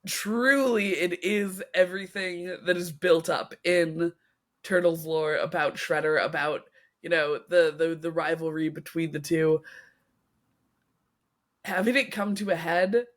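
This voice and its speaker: A woman co-hosting a podcast in casual chat, stretching out her emphasis. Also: lowish voice. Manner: unhurried, drawn-out emphasis. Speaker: podcast co-host.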